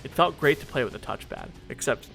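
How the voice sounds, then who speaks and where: Man, 20s, scripted narration, reflective, earnest, mid pitch, faint music behind. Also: lively intonation, fairly quick, gravelly, a bit bright. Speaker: video essayist.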